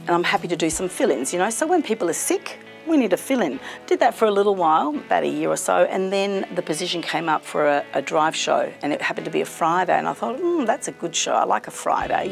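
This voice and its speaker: A middle-aged woman with a fairly low, gravelly voice, telling stories in a chatty, lively way as a community radio presenter. Soft music plays faintly underneath. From Australia. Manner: warm, chatty, lively storyteller. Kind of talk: casual interview storytelling.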